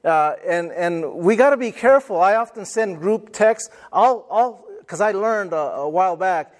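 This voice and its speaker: A man's voice: sits high, expressive, moderate pace. A middle-aged male pastor preaching a sermon, emphatic, repeating key phrases and calling for amens from the congregation.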